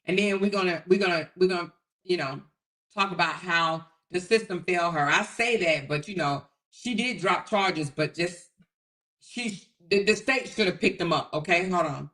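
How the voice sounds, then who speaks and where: Chatty bright-voiced woman livestreaming. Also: fairly low pitch, normal speed. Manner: chatty, talks straight to the chat, repeats herself. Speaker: livestream host. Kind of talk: casual livestream commentary.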